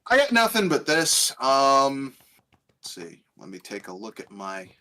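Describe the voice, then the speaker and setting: Animated, bright-voiced male co-host. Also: mid-range voice, a little slow. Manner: animated, swearing, laughing often. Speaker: podcast co-host. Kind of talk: casual chat.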